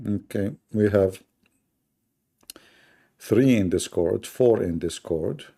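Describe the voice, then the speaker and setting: A man's voice: lowish voice, slow pace, gravelly, mellow, breathy edge. A man hosting a debate livestream, talking sarcastically and mockingly to his chat.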